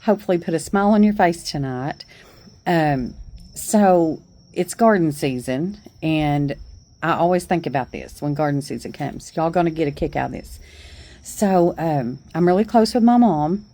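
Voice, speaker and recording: A woman's voice: deep voice, animated, moderate pace, dark tone. A middle-aged woman telling a story on her porch in a chatty, folksy way, laughing along. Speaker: vlogger. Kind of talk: casual storytelling.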